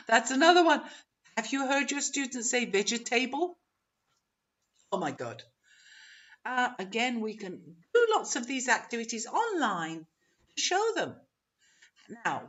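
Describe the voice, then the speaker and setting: A woman teacher trainer leading an online webinar, encouraging and modeling pronunciation slowly. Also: a little high, a bit bright. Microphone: video call. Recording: dull lo-fi webinar audio.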